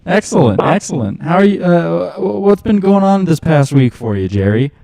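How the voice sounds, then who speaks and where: A man co-hosting a call-in show, halting and hesitant, with lots of fillers. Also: a little high, very animated, vocal fry, mellow, no room sound. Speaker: co-host.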